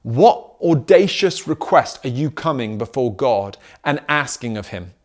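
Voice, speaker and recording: A man's voice: mid-range voice, animated, measured pace. A middle-aged man preaching a sermon as pastor, driving his points home with repeated questions. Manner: emphatic preaching with rhetorical questions.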